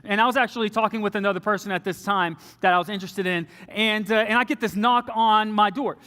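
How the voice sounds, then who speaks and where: A young man telling a personal story from the front of a church, animated and often dropping low and soft for quoted lines. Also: fast talker. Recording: long reverb of a large hall.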